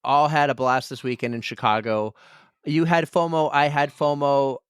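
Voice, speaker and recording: A man's voice: mid-range voice, steady tone, normal speed, smooth, dry recording, studio quality. A man co-hosting a running podcast in casual chat, joking and rambling with frequent repeats. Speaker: podcast co-host.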